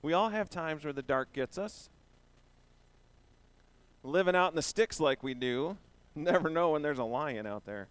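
A man's voice: a little high, lively intonation, unhurried, long pauses, clean tone, no echo. A man giving a children's sermon, playful and asking the children questions as he talks. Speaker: pastor giving a children's message.

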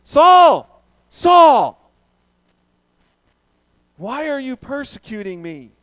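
A preacher voicing a divine male voice that calls out urgently from heaven, shouting. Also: very high voice, big pitch swings, extremely slow, no room sound, pitched above the performer's own voice, exaggerated voice.

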